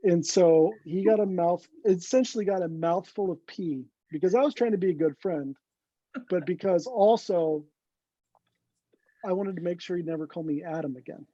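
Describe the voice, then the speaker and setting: Man telling a story, husky voice, dark tone, slightly high, dry dull lo-fi sound. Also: normal speed, dry recording. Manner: animated anecdote teller, acts out quoted friends. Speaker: guest photographer. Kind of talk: storytelling in an interview. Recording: dull lo-fi recording.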